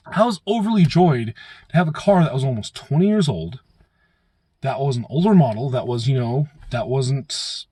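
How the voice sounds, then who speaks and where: A man's voice: mid-range voice, lively intonation, normal speed, warm tone, husky, no room sound. A man telling a casual, profane, self-mocking story to his viewers as a vlogger.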